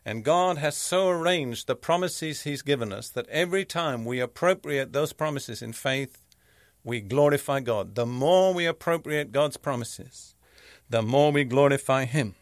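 Measured, emphatic male Bible teacher. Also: medium pitch, no room sound, studio quality. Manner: measured, emphatic teaching, reading scripture aloud. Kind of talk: sermon.

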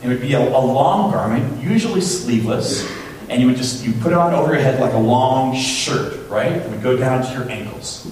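A pastor with a mid-range voice preaches at normal speed, keeping his sermon relaxed and chatty and frequently tossing "right?" to the congregation. He is heard from some distance in a very echoey church, with a faint hum beneath.

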